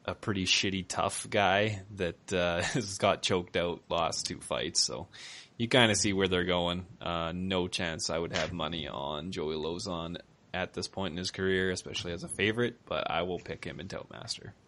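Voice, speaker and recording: A man's voice: sits low, normal speed, a bit bright. A man co-hosting a fight-betting podcast, loose and chuckling as he gives his picks. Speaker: podcast co-host. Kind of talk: casual podcast chat.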